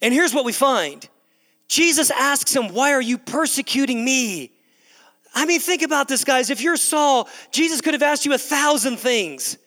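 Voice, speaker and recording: A man's voice: extremely high pitch, expressive, normal speed, sharp tone. A man preaching a sermon in a large church hall, emphatic and repetitive, calling the crowd "guys". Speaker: pastor. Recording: long echo of a large hall.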